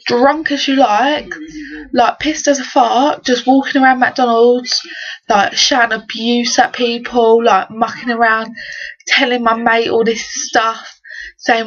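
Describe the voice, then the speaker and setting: A woman's voice: fairly high pitch, normal speed, a bit bright. A teenage girl from England, telling stories in an exasperated, slangy rant for a vlog. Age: teens. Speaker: vlogger. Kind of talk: casual ranting story. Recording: dull lo-fi webcam audio.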